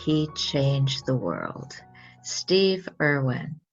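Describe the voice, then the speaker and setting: A woman interviewer with a low, husky, gravelly voice speaks slowly and with measured calm. The recording sounds dull and lo-fi, with faint music in the background. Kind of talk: slow, measured spoken introduction.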